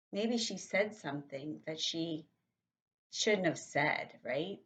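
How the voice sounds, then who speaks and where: A woman who is a kindergarten teacher, giving a vocabulary lesson to young children in a slow, encouraging way and often checking with "right?". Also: lowish voice, a bit bright. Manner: slow, encouraging, with lots of rhetorical questions.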